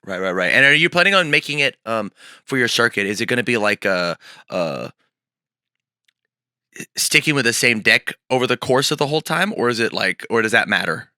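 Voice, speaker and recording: A man hosting a stream in casual chat, his voice hoarse, eager and often repeating himself. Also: medium pitch, expressive, fairly quick, sharp tone, no echo, studio quality. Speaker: stream host.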